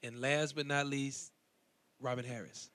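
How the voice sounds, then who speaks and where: A man's voice: medium pitch, fairly even intonation, unhurried, a bit bright, dry recording. A man in casual chat, animatedly retelling comedians' jokes and acting out their voices. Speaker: co-host discussing stand-up comedy.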